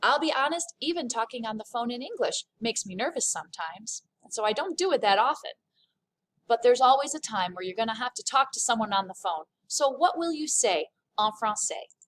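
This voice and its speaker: A woman teaching a French lesson, addressing the class and slowing down to savor French words. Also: high-pitched, fairly bright tone. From lived in France.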